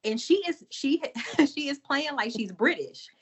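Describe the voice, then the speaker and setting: A woman, chatting casually as a podcast co-host and recapping a TV episode in an animated storytelling way. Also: high-pitched, a little slow. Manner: animated storytelling, addresses listeners as y'all. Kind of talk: casual chat.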